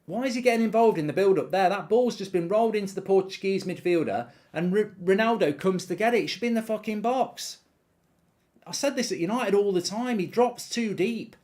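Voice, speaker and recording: A man's voice: high voice, brisk, a little mellow. A man hosting a live football watchalong, ranting animatedly and swearing freely while telling an anecdote. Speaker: host.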